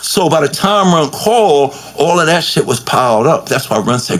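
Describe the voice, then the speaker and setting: A man telling an animated, profane story as an interview guest and acting out the lines he quotes. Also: on the high side, normal speed. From Queens, New York. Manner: profane, acts out quotes and records with shifting voice.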